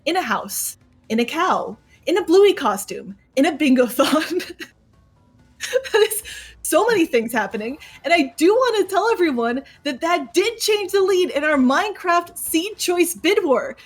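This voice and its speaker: A woman's voice: very high voice, sing-song, measured pace. A woman commentating a charity game stream, upbeat and giggly, talking to the chat.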